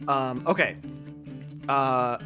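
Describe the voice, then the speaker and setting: A man's voice: medium pitch, drawn-out words, music in the background. A man playing a tabletop game, hesitant, asking many questions about the scene. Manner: hesitant, full of ums and questions. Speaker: player.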